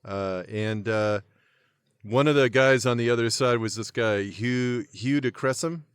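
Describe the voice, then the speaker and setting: A man's voice: mid-range voice, a little slow, clear, resonant tone, dry recording, studio quality. A man co-hosting a casual podcast, telling history in a laid-back way. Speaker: podcast co-host.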